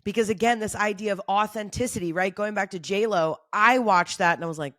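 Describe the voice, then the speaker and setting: A woman's voice: medium pitch, brisk, few pauses, fairly bright tone, no echo, studio quality. A woman hosting her own podcast, giving off-the-cuff motivational talk in an emphatic, fired-up way, swearing freely and repeating phrases for emphasis. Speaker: podcast host.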